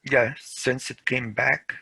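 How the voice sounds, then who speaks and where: Slow gravelly man teaching grammar. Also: mid-range voice, fairly even intonation, bright, forceful tone, no echo, low-quality recording. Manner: slow, repeats words for pronunciation drills. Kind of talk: classroom grammar lesson.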